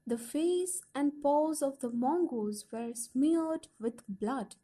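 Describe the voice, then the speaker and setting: A woman reads a textbook story to young learners. Her voice sits high but mellow, and she takes her time over each phrase, lifting the quoted lines with feeling. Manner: slow, careful storytelling with lively quoted voices. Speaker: audiobook reader.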